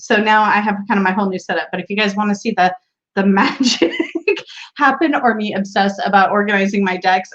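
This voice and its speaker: A woman's voice: mid-range voice, a bit bright, highs cut off. A woman hosting a casual tarot livestream from a room at home, greeting viewers by name and laughing often.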